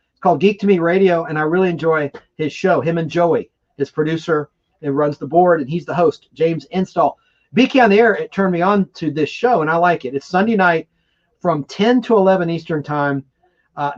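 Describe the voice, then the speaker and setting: A man with a fairly high voice hosts a casual livestream, rambling and excitable as he chats with viewers. The audio is dull and lo-fi, like a basic home stream. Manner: rambling, excitable, reads viewer comments aloud. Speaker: livestream host. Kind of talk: casual live chat and trivia hosting.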